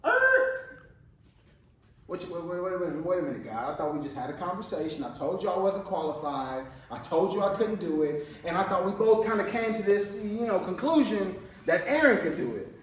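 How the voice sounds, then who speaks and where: A man's voice: high-pitched, animated, a little fast, hardly any pauses, a little hiss or hum. A man preaching as a junior pastor in a conversational, slangy way, often repeating his words. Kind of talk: sermon. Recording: echoey room from far off.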